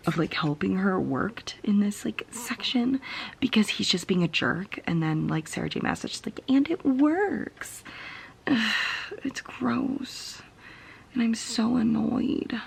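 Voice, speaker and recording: A woman's voice: mid-range voice, lively intonation, moderate pace, vocal fry, slight background noise. A young woman vlogging about a book she is reading, tired and venting in a frustrated, often whispered late-night rant. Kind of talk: casual reading vlog.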